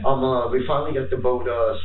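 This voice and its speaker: A man giving a rambling, halting account while being questioned by police, repeating himself often. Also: mid-range voice, steady tone, slight background noise. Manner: halting, repetitive, fills with "and stuff". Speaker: interviewee under police questioning. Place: police interview room. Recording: echoey, distant, phone-like archive footage.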